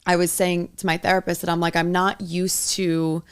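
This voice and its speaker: Young woman podcast co-host, low and smooth with vocal fry, earnest rambling delivery. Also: little pitch movement, moderate pace. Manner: earnest, rambling, heavy use of "like". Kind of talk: casual chat.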